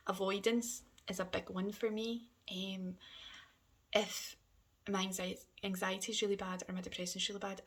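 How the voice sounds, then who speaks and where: A woman talking candidly in a personal vlog, hesitant and halting, often sinking to a soft near-whisper. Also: medium pitch, gravelly. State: emotional. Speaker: vlogger.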